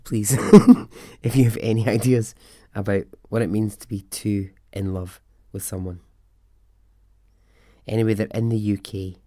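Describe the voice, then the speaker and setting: A man's voice: fairly low pitch, a little mellow, dry recording, clean studio sound. A man hosting a podcast, casually telling a story in a chatty, wry way and laughing at his own asides. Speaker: podcast host.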